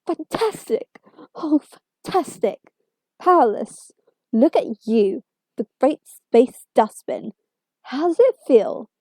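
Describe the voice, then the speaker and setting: A woman's voice: on the high side, normal speed, no echo, close to an everyday voice. A woman doing a brash, mocking male time traveller. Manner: excitable, mocking.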